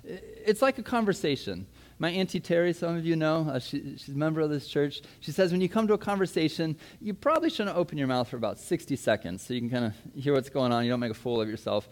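A man in his thirties preaches from the pulpit, his voice sitting a little higher than most men's. He mixes prayer with a personal story and acts out his own past words with animated energy. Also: fast talker. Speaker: pastor. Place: church.

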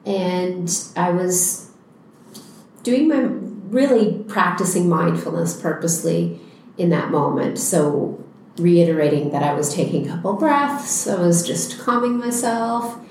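Woman teacher, calm reflective storyteller, slightly low voice; record in a very echoey room. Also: a little hiss or hum. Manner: reflective, unhurried retelling. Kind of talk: storytelling in a conversation.

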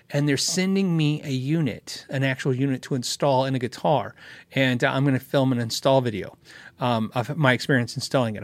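A man's voice: medium pitch, a bit bright, no echo, clean studio sound. A man hosting a casual live question-and-answer show, rambling, correcting himself and chuckling often. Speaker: host answering viewer questions.

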